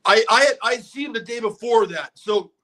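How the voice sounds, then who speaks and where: An excitable man co-hosting a casual podcast, full of laid-back slang. His voice is very high with a bright, sharp edge. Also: a little fast. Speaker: podcast co-host.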